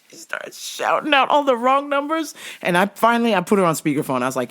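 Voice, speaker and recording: A woman in her forties telling a story in a casual rant, profane, animated and exasperated. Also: medium pitch, fast, few pauses. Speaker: show host recounting her store job.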